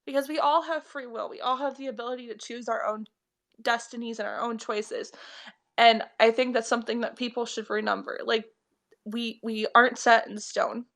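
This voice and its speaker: A young woman spiritual reader talks to her viewers on a live stream, tearful and earnest. Her voice is high and emotional, and the words come slowly between her tears. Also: fairly even intonation, gravelly, fairly bright tone. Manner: tearful, heartfelt, affectionate. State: crying.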